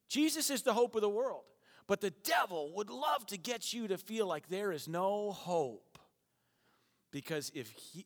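A man preaching as a pastor, telling a story, animated, and acting out the people in it. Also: fairly high pitch. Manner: animated, acts out quotes, laughs at his own stories. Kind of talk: sermon with storytelling. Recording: long reverb of a hall.

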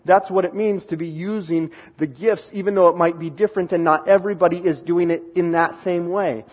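A man's voice: high-pitched, steady tone, fairly quick, muffled recording. A man preaching a sermon, explaining a scripture passage and reading verses aloud while stressing key words.

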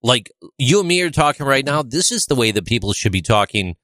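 A man's voice: mid-range voice, sing-song, fairly quick, a bit bright. A man co-hosting a casual podcast, with a mid-range voice, jokes and leans on rhetorical questions. The sound is close and dry, with little room echo. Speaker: podcast co-host. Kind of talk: casual conversation.

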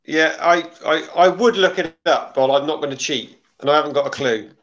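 A man's voice: on the high side, normal speed, fairly bright tone, lo-fi sound. A man chatting casually as a guest, dry and understated. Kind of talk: casual chat.

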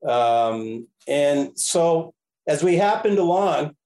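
A man, a podcast guest, telling a casual story in a rambling, animated way, often correcting himself. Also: fairly high pitch, slow, low-quality recording. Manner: animated, rambling, self-correcting with frequent chuckles. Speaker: podcast guest, railroad history enthusiast.

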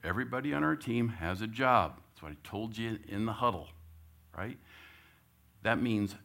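A man giving a church talk, telling a personal story and loudly acting out what he said as a coach. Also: lowish voice, moderate pace, vocal fry. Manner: animated storyteller, gets loud acting out his own coaching. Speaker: church speaker.

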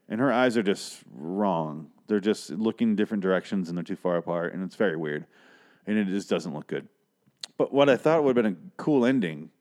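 A man's voice: lowish voice, a little mellow. Rambling, profane male podcast host. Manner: rambling, profane, acts out characters. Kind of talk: casual solo podcast chat.

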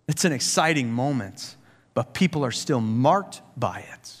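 A man preaching a sermon as pastor, earnest and full of rhetorical questions, growing animated as he tells stories. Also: medium pitch, measured pace. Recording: long hall reverb.

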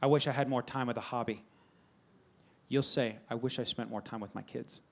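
A man's voice: mid-range voice, fairly even intonation, fairly quick, gravelly. A man preaching a sermon in a conversational, emphatic style, repeating phrases and calling out to the congregation. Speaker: pastor.

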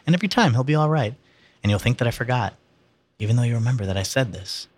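A man reading aloud voices a scheming, menacing teenage older brother who taunts in low threats. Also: animated, fast, dry recording, lightly acted.

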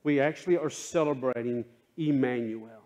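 A male pastor preaching a sermon in a church, using call and response and swinging between hushed and impassioned delivery. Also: mid-range voice, moderate pace. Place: church sanctuary.

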